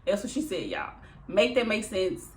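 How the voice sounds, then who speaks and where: A woman's voice: mid-range voice, very animated, normal speed. A woman recapping a reality show in a casual, chatty way, laughing often and mimicking the people she quotes.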